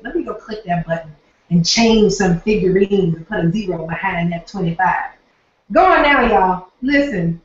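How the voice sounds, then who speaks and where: A woman with a Southern accent, hosting a live online training and signing off to viewers in an upbeat, folksy way from her office. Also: medium pitch. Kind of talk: live webinar sign-off. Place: office, alone. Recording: very echoey, distant, dull lo-fi.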